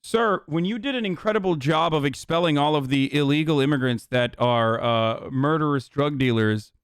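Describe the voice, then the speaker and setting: Male streamer host, casual and sarcastic, smooth close voice, dry sound. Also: fairly high pitch, normal speed, no echo. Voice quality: loose, sarcastic, swearing. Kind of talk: casual live-stream commentary.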